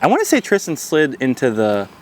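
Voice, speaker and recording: A man's voice: medium pitch, wildly swooping pitch, a little fast. A young man from western Pennsylvania hosting a podcast, chatting casually with a friend, laughing a lot and swearing casually. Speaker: podcast host. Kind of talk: casual chat. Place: outdoors around a campfire at night.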